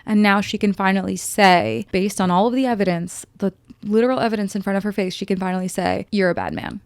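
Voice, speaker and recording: A woman reviewing a film in casual chat, retelling scenes expressively and dropping into quick voices for the characters. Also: mid-range voice, clean tone, no echo. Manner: chatty, expressive, quotes characters in little voices. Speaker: movie reviewer.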